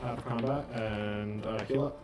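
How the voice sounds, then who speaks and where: A man's voice: lowish voice, steady tone, moderate pace. A young man as game master of a tabletop game, explaining rules patiently and laughing often. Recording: echoey room with music underneath.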